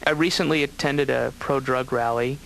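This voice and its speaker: A man's voice: mid-range voice, steady tone, moderate pace, vocal fry, a bit bright, slight background noise, poor audio. A man doing a rambling, wry stand-up monologue as a patient. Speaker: comedian patient.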